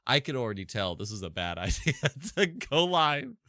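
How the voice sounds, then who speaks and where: A man's voice: mid-range voice, big pitch swings, moderate pace, sharp tone, dry recording, studio quality. A sleep-deprived man streaming live, chatting casually and rambling with many restarts. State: tired from no sleep.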